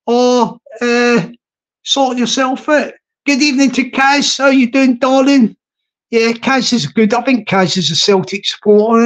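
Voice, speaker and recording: Rambling man hosting a casual live stream, repetitive, laughs at own jokes. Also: extremely high pitch. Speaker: livestream host.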